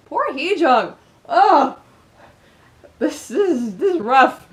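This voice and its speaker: A woman's voice: high voice, sing-song, slow pace. A woman hosting a let's play, reacting expressively to a story game. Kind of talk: gameplay commentary.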